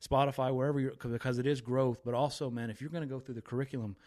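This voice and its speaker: A man's voice: mid-range voice, steady tone, very fast, a little mellow. A man hosting a faith podcast, talking with fired-up, preachy energy and reciting scripture with emphasis. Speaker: podcast host.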